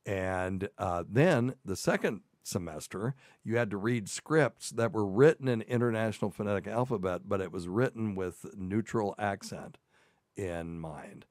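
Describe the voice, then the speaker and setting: A man in his sixties with a softened Southern accent, hosting a casual medical talk show and telling folksy stories. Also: on the low side, measured pace, no room sound, studio quality. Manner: folksy storytelling. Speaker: host. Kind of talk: casual podcast chat.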